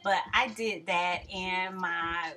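A woman's voice: lowish voice, steady tone, slow pace, sharp tone. A woman chatting casually about her hair in a home vlog, friendly and rambling. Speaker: beauty vlogger.

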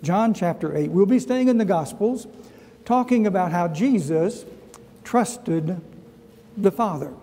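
A middle-aged man with a Southern US accent leads a Sunday school lesson in a church. His voice sits a little high but has a mellow tone, and he speaks earnestly, repeating key phrases and slowing down for scripture. A long hall reverb trails each phrase. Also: expressive. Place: church sanctuary.

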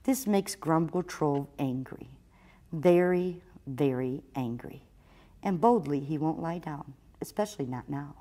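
Woman librarian, storytime read-aloud, low voice, unhurried. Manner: expressive, slow storytelling. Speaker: children's librarian.

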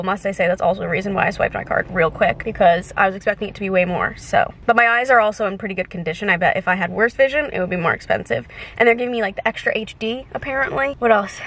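A young woman in her twenties chatting to her vlog camera after eye surgery, telling the story in a lively way and acting out what people said, woozy and carsick in a car. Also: mid-range voice. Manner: chatty, animated storytelling with acted-out quotes. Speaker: vlogger. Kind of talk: casual vlog chat. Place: in a car, also outside a clinic. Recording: clear background noise, street and car.

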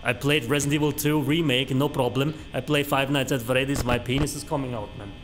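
A man's voice: medium pitch, fairly even intonation, brisk, music in the background. A male streamer reacting to a horror game, crude and panicky, swearing and yelping at every scare.

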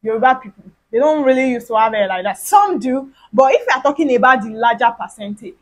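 Nigerian woman vlogger, high voice, animated storyteller. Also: fast, rough recording. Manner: animated storytelling with big pitch swings and acted-out dialogue. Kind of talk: storytime vlog.

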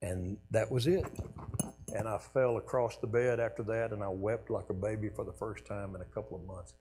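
Man, low voice, sermon testimony, earnest, faint hum behind. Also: steady tone, brisk. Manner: earnest storytelling, trailing off softly at key lines. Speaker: guest speaker.

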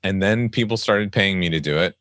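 Podcast host, man, thirties, very low voice, animated storyteller who acts out his own quotes. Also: fairly quick, dry recording, clean studio sound. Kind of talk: casual interview conversation.

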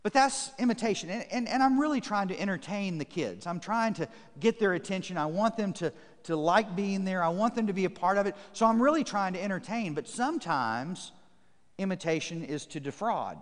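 A man's voice: high voice, expressive, brisk. Preaching man in a reverberant church. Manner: emphatic, repetitive preaching cadence; reads scripture aloud to the congregation. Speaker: pastor. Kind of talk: sermon. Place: church sanctuary.

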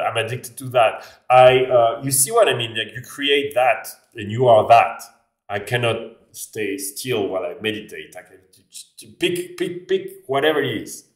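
A man with a French accent, talking casually to camera in a rambling way, often restarting his sentences. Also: mid-range voice. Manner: rambling, restarts phrases, frequent "like". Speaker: vlogger. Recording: echoey room, voice a bit far off.

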